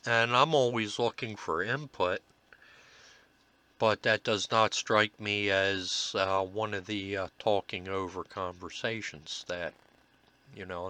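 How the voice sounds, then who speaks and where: A slow-talking man with a lowish voice and a sharp, bright edge to it. He explains his paranormal investigation recordings in an earnest, reflective way, pausing often on fillers as he gathers his thoughts. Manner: halting, many filler pauses. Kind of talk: narrated commentary over recordings.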